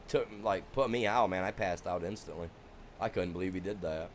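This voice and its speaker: A man's voice: low voice, steady tone, a little fast, a little hiss or hum. A man, streaming a farming game and telling rambling stories from his youth, full of restarts and "you know". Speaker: gaming streamer. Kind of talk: casual storytelling while streaming.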